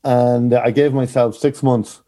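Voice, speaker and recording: A man's voice: mid-range voice, level tone, warm tone. An Irish man, a comedian guest, chatting casually and rambling through funny stories. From Ireland. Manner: chatty rambling storyteller, quick to laugh. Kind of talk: casual chat.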